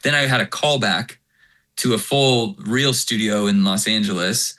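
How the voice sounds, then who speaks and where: A man in his forties, a worship singer giving an interview, who tells stories in a casual, animated way and acts out the lines of other people. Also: on the low side, a little slow.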